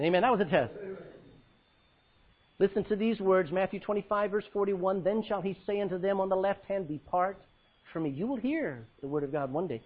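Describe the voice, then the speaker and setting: A male pastor preaching a sermon, swinging between loud cries and hushed words as he quotes scripture in old-fashioned style. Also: high-pitched, animated, moderate pace, muffled recording.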